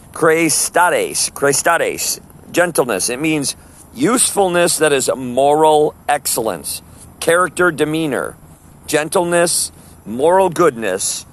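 A man teaching a Bible study in sermon style, emphatic and full of rhetorical questions, stretching out Greek words. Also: fairly high pitch. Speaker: preacher.

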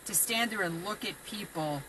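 A woman's voice: mid-range voice, moderate pace, a crowd in the background, poor audio. A woman who evangelizes, speaking earnestly and a little rambling in a casual talk. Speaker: street evangelist.

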